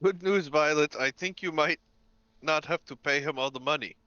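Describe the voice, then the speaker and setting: A man with a smooth, bright voice chats casually at a tabletop game with a wry, playful edge. The sound is dry and dull, like a lo-fi voice call. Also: on the high side, normal speed, no room sound. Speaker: player.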